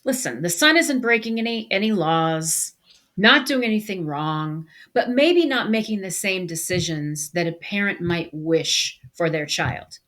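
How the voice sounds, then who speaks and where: A woman's voice: fairly low pitch, unhurried. A woman co-hosting a podcast, telling a story in casual conversation and acting out the people she quotes. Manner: animated storyteller, acts out quoted voices. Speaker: podcast co-host.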